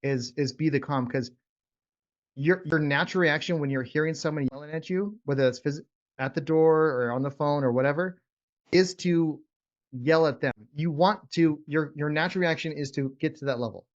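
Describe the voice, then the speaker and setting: A man's voice: on the high side, moderate pace, muffled recording. A man coaching real estate investors in casual, rambling talk, repeating words as he goes. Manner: rambling, repeats words, drops to whispers to demonstrate. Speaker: real estate trainer leading a call.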